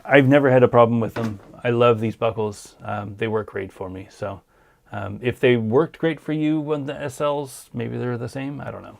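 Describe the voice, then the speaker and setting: A man's voice: mid-range voice, normal speed, creaky. A man hosting a casual livestream, answering viewer questions in an easygoing, hesitant way, tired and losing his voice. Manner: easygoing, hesitant with many ums.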